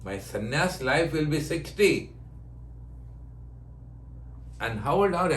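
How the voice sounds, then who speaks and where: A man's voice: fairly high pitch, sing-song, moderate pace, roomy sound, slight background noise. An older man, a yoga teacher, giving a spiritual talk in short, repeated phrases of broken English, often laughing. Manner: non-native English with broken grammar. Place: ashram.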